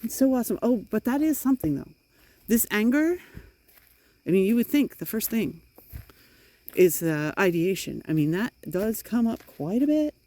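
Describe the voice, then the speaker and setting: A middle-aged woman talks through a frustrated vlog monologue while walking outside in the rain. Her voice sits at an ordinary pitch and comes across dry and close, as if from a phone held near. She is emphatic and fed up, leaning hard on her words. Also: sing-song, moderate pace, pauses often, warm tone, no room sound. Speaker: vlogger. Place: outdoors in the rain.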